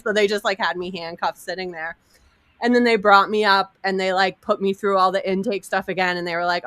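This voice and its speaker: A woman in her thirties telling a wild personal story in casual chat, animated and laughing, acting out quotes over a video call. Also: medium pitch, brisk, dry recording.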